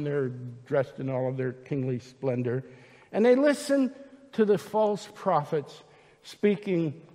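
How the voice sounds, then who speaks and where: A man's voice: high-pitched, in a large hall. A man preaching a sermon, emphatic and retelling scripture scenes with voices.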